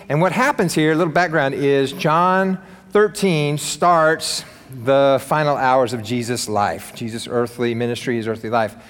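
A male pastor preaching a sermon to his congregation in an easygoing, enthusiastic way, joking with the room between points. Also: on the high side. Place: church sanctuary. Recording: long reverb of a large hall.

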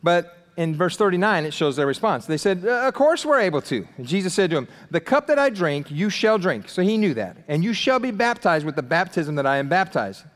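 Animated male pastor in reverb. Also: fairly high pitch, brisk, hardly any pauses. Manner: animated, acts out quoted voices, casual slang. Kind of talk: sermon.

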